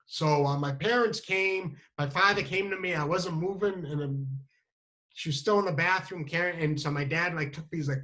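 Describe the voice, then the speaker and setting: Guy telling an awkward story on himself, kinda high bright voice, stumbles and restarts a lot. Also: poor audio. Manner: halting, with many restarts and fillers; self-mocking. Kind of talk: comic personal storytelling.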